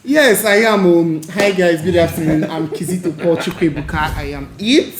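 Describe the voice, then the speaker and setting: A man's voice: fairly high pitch, normal speed, a crowd in the background. A man guesting on a podcast, talking boldly and playfully with emphatic self-assurance. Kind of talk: casual podcast chat. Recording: echoey room with faint noise.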